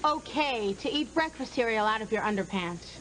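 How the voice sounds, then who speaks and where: A woman's voice: fairly high pitch, lively intonation, normal speed. A woman delivering mock-serious comic advice with dry punchlines on a sketch show. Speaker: sketch comedy performer. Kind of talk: deadpan comic desk segment. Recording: loud studio audience and noise. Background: studio audience laughing.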